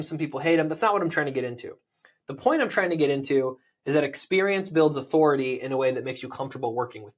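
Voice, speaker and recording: Persuasive American man coaching on sales. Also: a little high. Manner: energetic, persuasive, lots of "right?" tag questions. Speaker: land investor, podcast guest.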